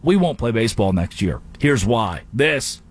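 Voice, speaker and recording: Brief: male sports show host, mid-pitched, animated jokey commentary monologue. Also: normal speed. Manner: animated, jokey, with sudden pitch jumps and stumbling restarts.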